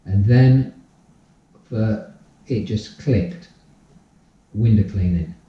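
An older man, a podcast guest telling his life story in a casual, animated way and acting out the dialogue. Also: lowish voice, drawn-out words. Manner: animated storyteller, acts out dialogue, repeats phrases. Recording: distant, roomy, dull-sounding audio.

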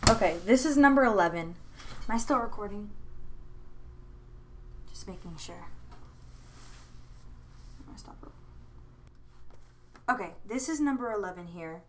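A woman's voice: mid-range voice, lively intonation, measured pace, pauses often, a little hiss or hum. A young woman in casual chat about her sketchbooks, chatty and rambling with many fillers and restarts, gushing with enthusiasm. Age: young adult. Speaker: art vlogger. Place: room at home.

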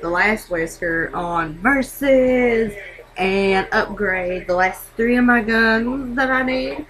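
Teen girl, webcam vlog at home, high-pitched, hyper and rambling. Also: slow pace, fairly bright tone, low-quality recording. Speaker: vlogger. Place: dark bedroom at home.

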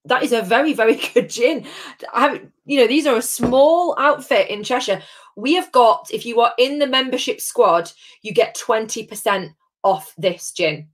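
A woman's voice: fairly high pitch, expressive, normal speed. A woman hosts a live-streamed tasting from home. She chats in a bubbly way and greets viewers by name. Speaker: host of a live gin tasting.

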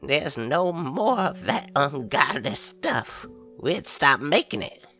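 A man's voice: a little high, big pitch swings, takes it slowly, bright, forceful tone, soft background music, pitched above the performer's own voice, exaggerated voice. A man voicing a frail, forgetful old woman who wavers and drifts into distress in a horror story. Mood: distraught.

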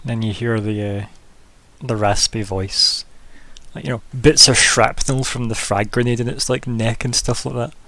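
A man's voice: mid-range voice, steady tone, moderate pace, bright, forceful tone, no room sound. A man acting as game master, patiently explaining rules and thinking aloud in casual chat.

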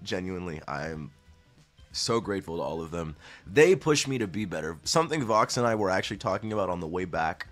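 A man streamer talks casually and earnestly to his viewers, gushing and swearing freely. His voice sits low, but it leaps up high when he gets excited. Faint music plays underneath. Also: a little fast.

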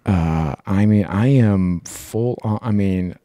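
A man's voice: lowish voice, slow, warm tone, no room sound, clean studio sound. A man co-hosting a podcast, telling a long personal story in casual chat, rambling and swearing freely. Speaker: podcast co-host.

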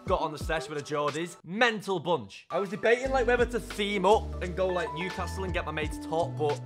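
A man's voice: high voice, lively intonation, a little fast. A young English man giving casual, joking gameplay commentary and talking straight to his viewers as a gaming YouTuber. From England. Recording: faint music underneath.

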